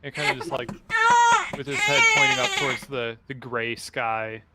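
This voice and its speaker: A man's voice: medium pitch, wildly swooping pitch, heavy background noise. A man running a tabletop game as dungeon master over a video call, rambling and often restarting his sentences. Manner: rambling, halting, many restarts.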